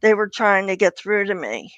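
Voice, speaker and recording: A woman's voice: medium pitch, big pitch swings, moderate pace, a bit bright, no echo, muffled recording. Chatty older woman, dry sound. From Pennsylvania. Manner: chatty, acts out quoted voices. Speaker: guest author. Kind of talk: casual storytelling interview.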